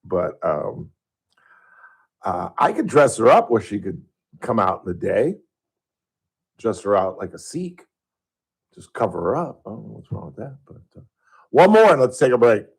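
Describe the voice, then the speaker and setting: A man's voice: on the low side, big pitch swings, moderate pace, creaky, long pauses, breathy edge, rough recording. A man hosting a call-in talk radio show, ranting at a caller in a heated, sarcastic way.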